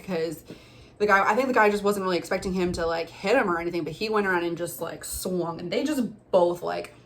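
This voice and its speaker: Young woman, fairly low voice, rambling vlog storyteller full of "like" and "you know", faint room hum. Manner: chatty, many fillers and restarts. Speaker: storyteller, former bartender.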